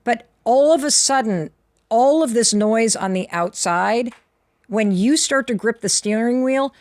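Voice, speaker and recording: A woman's voice: on the high side, unhurried, a little mellow, no room sound. Dry, confident woman explaining an idea. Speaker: guest author. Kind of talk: podcast interview.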